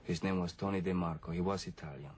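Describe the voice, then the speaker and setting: A man's voice: sits low, fairly even intonation, fast talker, a little mellow, a little hiss or hum, natural voice. An actor playing a young man who claims to be a legendary lover, formal and theatrical, with a Castilian-tinged accent. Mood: grandiose. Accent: Castilian-tinged English. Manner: formal, theatrical, self-assured.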